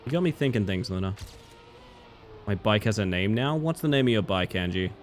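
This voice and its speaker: A man's voice: lowish voice, a little fast, a little hiss or hum. A man casually commenting on his live game stream late at night, sleepy and chatty, answering chat as he plays. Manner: relaxed, chatty, reads chat aloud and answers it.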